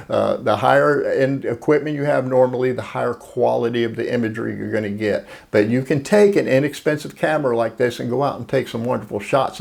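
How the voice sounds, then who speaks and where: Gravelly-voiced man reviewing cameras. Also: mid-range voice, darkish tone. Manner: plain, unhurried explaining with fillers and restarts. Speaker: photography video host. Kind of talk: casual camera review vlog.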